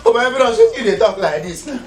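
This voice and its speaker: A man with a Nigerian Pidgin accent excitedly retelling a mishap in a comedy skit, breathless and chuckling as he talks. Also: high voice, quick pace. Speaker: comedian telling his own story.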